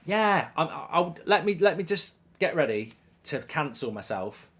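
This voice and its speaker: A man hosting a live football watchalong, reacting to the match and reading viewer comments in an excitable, animated way, often stumbling and restarting his sentences. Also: fairly high pitch, normal speed. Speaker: host of a football watchalong stream.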